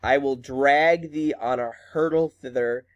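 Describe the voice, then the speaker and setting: A man's voice: mid-range voice, a little slow, no room sound, lo-fi sound, close to an everyday voice. A man reading the scolding lines of an angry, domineering noble father.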